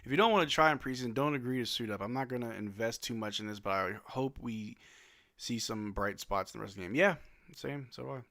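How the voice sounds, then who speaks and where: Young male stream host, bright clear voice, loose fan play-by-play, shrugging and resigned. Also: mid-range voice, quick pace. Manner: laid-back, resigned, swears then apologizes. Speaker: live stream watch-along host. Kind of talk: casual fan play-by-play commentary.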